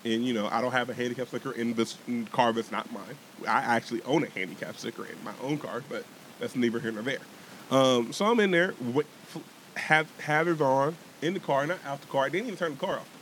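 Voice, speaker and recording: A man's voice: mid-range voice, a little fast, slight background noise. A young man co-hosting a podcast, telling a heated story in casual chat, swearing and restarting his sentences often. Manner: animated, swearing, many restarts and repeated words.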